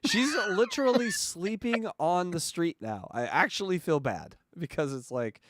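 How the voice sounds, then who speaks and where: Male co-host, animated and laughing, bouncing pitch, dry mic. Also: normal speed, dry recording. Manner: laughs often, animated, puts on quoted voices. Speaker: podcast co-host. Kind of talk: casual comedic chat.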